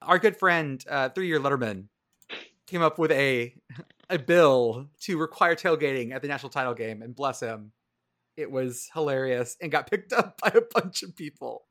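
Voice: medium pitch, animated, normal speed, fairly bright tone. A co-host on a casual sports podcast, chatting and telling stories. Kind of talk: casual chat.

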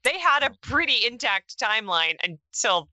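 A woman co-hosts a podcast with a bright, forward voice. She explains ideas thoughtfully in casual chat. The sound is close and dry. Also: on the high side, sing-song, normal speed, no echo. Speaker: podcast co-host.

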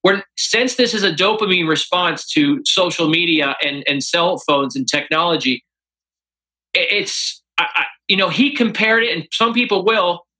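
A man's voice: high voice, expressive, moderate pace, pushed and bright, low-quality recording. A man, an author and interview guest, telling stories animatedly and acting out quoted dialogue. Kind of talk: interview storytelling.

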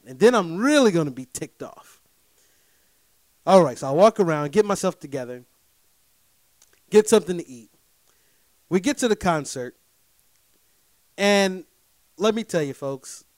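A man spins a personal story straight to his audience in a slightly high voice, animated and emphatic. He keeps checking in with his listeners and swings from loud bursts to low, muttered asides. The sound is close and dry, with no room around it. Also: smooth, dry recording. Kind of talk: casual storytelling monologue.

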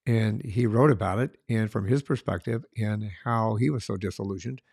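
A man's voice: fairly low pitch, normal speed, gravelly, a little mellow, dry recording, studio quality. A middle-aged man co-hosting a casual film review chat, talking earnestly and often restarting his phrases.

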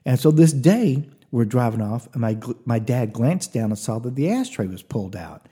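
A man's voice: mid-range voice, lively intonation, moderate pace, few pauses, mellow, husky. A man hosting a podcast, telling a comic story in a chatty way, with confiding asides to the listener. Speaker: podcast host.

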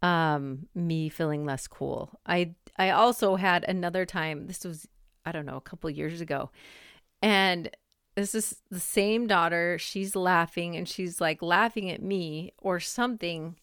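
A woman in her forties talks casually into a close microphone for her podcast, rambling with plenty of "like" and "um". Her voice sits a little low and sounds smooth and clear. The room is dry, with no echo. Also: a little slow, a bit bright. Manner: chatty, rambling, lots of "like" and "um". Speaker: podcast host. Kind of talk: casual monologue.

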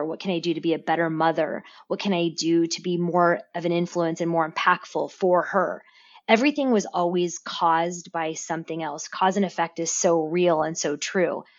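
Woman, podcast guest, low voice, animated, repeats words, lo-fi muffled sound. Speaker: podcast guest, business owner. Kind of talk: casual interview talk.

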